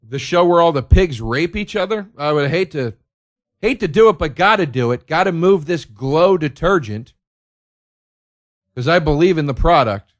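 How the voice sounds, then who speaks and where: A man's voice: on the high side, expressive, normal speed, natural voice. A man voicing a phony advertiser who speaks in a chipper, falsely sincere salesman tone.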